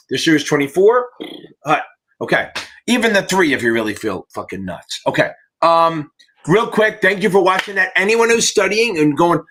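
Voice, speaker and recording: A man's voice: high voice, fairly bright tone, slight background noise. A man hosting a live exam-prep Q&A, giving blunt, profane, fired-up coaching in a casual livestream way.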